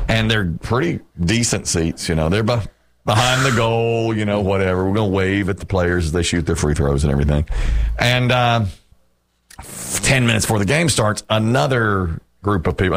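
Animated storytelling man, lively low voice. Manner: animated storyteller, acts out quotes with big pitch jumps. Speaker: radio show host. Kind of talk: casual radio chat and storytelling.

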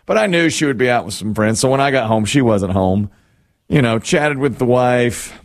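Middle-aged man rambling with lively pitch. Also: moderate pace, no room sound, clean studio sound. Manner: rambling storyteller, wry and self-mocking, laughs often. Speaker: radio show host. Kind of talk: casual chat.

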